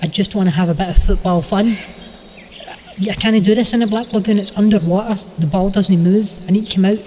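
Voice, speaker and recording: A man's voice: sits high, steady tone, a little fast, dark tone, in a large hall, slight background noise, natural voice, rough recording. A man doing a touchy swamp monster. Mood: defensive. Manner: defensive, casually chatty.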